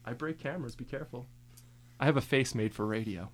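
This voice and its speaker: A man's voice: mid-range voice, fast talker, background noise. A young man playing music live on the radio, chatting loosely and joking between songs and often laughing. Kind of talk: casual on-air chat between songs.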